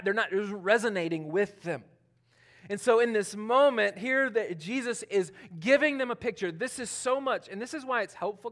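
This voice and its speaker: A man preaching a sermon in a conversational, animated way, acting out what people say. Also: high-pitched. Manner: conversational, animated, acts out quotes, laughs often. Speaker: pastor.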